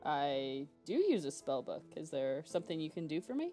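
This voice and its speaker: A woman's voice: low-pitched, sing-song, normal speed, mellow, soft background music. A woman playing a tabletop role-playing game, talking playfully and laughing often. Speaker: player. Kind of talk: casual tabletop play.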